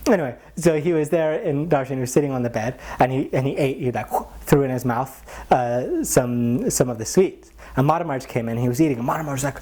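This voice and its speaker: A man, a spiritual teacher, telling anecdotes in a casual, animated way, acting out the voices of the people in his stories and often saying "like.". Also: medium pitch, fast talker, few pauses. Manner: animated, acts out quoted voices, frequent "like" fillers. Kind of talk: casual storytelling talk.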